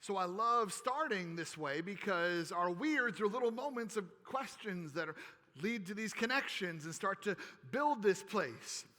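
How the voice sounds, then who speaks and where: Keynote man, high and bright, playful crowd work in a long-reverb hall. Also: measured pace. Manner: playful, animated, crowd-engaging. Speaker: keynote speaker. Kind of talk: energetic keynote speech. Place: large convention hall.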